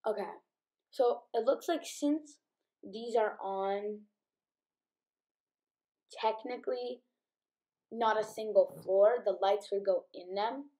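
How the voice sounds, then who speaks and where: A woman's voice: medium pitch, slow pace, long pauses, dark tone. A woman talks through a building game as a casual YouTuber. She is chatty and loose, padding her sentences with um and like. She sounds a little sleepy, having just woken up. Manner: chatty, many ums and likes. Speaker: gaming YouTuber.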